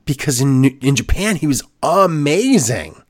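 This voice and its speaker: Podcast co-host, male, sarcastic and exasperated, animated delivery. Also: mid-range voice, a little slow. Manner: sarcastic, exasperated, mocks the booking with put-on quotes. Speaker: podcast co-host recapping wrestling. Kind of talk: casual podcast chat.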